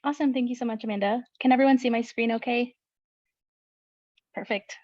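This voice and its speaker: A woman's voice: fairly high pitch, steady tone, brisk, a little mellow, no room sound, dull audio. A woman education coordinator presenting casually on a video call, with many filler ums.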